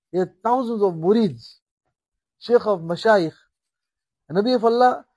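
A man preaching a sermon with a husky voice, impassioned, rising and falling in volume and acting out the dialogue he tells. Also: high voice, darkish tone, dry recording, poor audio.

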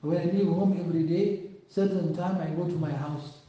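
A man voicing a humble young housemaid who speaks quietly through tears. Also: high voice, steady tone, fairly quick, heavy reverb, far from the mic, highs cut off, lightly acted. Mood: tearful.

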